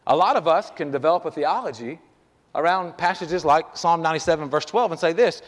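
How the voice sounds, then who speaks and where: A man's voice: a little high, fairly quick, in a large hall. A man pastor preaching a sermon in a church, talking conversationally and piling up rhetorical questions. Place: church sanctuary.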